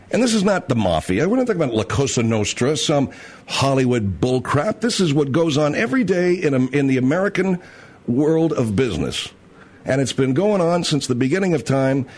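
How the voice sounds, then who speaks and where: A man's voice: mid-range voice, a little mellow. A man hosting a talk show, ranting bluntly and mockingly, often acting out other people's lines. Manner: blunt, profane, mocking, puts on voices of others. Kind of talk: ranting commentary with acted-out dialogue.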